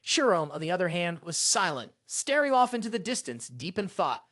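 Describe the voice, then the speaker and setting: Recap narrator, animated pitch, dry close recording, scripted storytelling. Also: moderate pace, dry recording.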